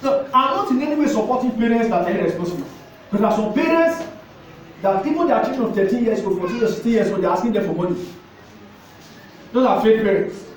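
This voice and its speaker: Preaching a sermon as pastor in a church hall, a man with a Nigerian accent exhorts his listeners, repeats phrases, and slips into pidgin. His voice sits high with a darkish tone. The mic is distant, giving echo, faint ambience, and slight background noise.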